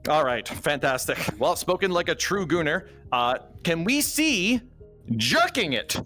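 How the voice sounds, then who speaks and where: A woman's voice: fairly low pitch, very animated, measured pace, a bit bright, soft background music. A woman hosting a streamed game show, playful and teasing, with sarcastic asides to the contestants.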